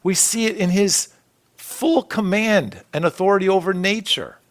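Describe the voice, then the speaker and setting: A man preaching a sermon as a pastor, earnest, with phrases that swell and then drop to a soft hush. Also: high-pitched, normal speed. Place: church sanctuary.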